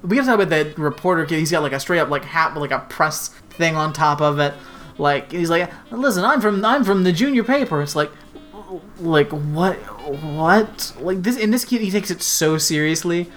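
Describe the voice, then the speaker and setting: Chatty woman, lower voice, full of fillers. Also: moderate pace, faint music behind. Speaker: podcast co-host. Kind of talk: casual chat recapping a show.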